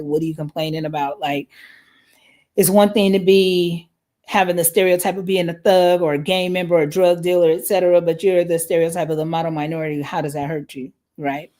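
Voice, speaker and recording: An American woman hosts a live parenting podcast with a low-pitched voice. She talks in a relaxed, conversational way, often ending points with "right?" to check in with listeners. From United States. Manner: conversational, frequent "right?" tag questions.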